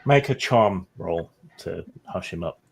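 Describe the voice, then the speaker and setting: A man narrates a tabletop game as its game master. His voice is low, and his narration is relaxed, with frequent fillers. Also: measured pace, gravelly, slight background noise.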